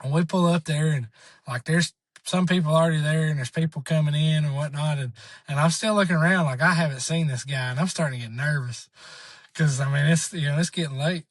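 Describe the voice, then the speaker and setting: A man's voice: a little high, fairly quick, no echo. A man telling a long, rambling story on a podcast, acting out the voices of the people in it. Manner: rambling, animated, acts out quoted voices. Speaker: podcast guest. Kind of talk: casual storytelling.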